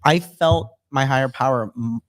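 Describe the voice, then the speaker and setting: A man's voice: medium pitch, normal speed. A man hosting a casual podcast, talking thoughtfully and hedging, with many "like"s. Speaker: podcast host. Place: studio room.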